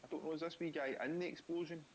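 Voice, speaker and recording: A man's voice: fairly high pitch, steady tone, quick pace, low-quality recording. A Scottish man in his thirties chatting casually while drawing on a live stream, laid-back and easygoing. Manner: laid-back, says aye and wee a lot. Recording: faint hiss.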